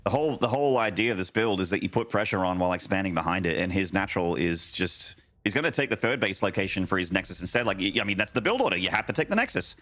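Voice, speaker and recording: A man co-casting a live esports match, explaining strategy in a measured way with playful asides. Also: low voice, expressive, sharp tone. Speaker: esports co-caster and analyst. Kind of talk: live game analysis commentary.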